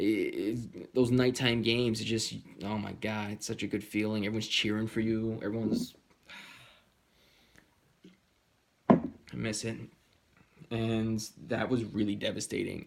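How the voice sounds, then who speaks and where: A young man telling a personal story in a candid, rambling way, swearing often and jumping into high voices when he quotes people. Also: creaky. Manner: slips into high-pitched voices when quoting others.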